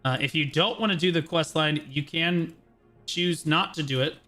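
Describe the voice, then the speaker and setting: A man's voice: a little high, sharp tone, soft background music. A man streaming live, walking viewers through a game gearing guide in a brash, profane, casual way, tagging his points with "okay". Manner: brash, profane, explains in quick bursts with many "okay"s. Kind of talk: casual livestream commentary.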